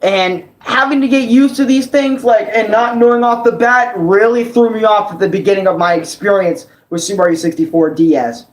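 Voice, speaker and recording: A young man ranting casually about a video game, rambling, excitable and swearing a lot. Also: sits high, normal speed, hardly any pauses. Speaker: gaming vlogger. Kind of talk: casual game review rant. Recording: roomy echo.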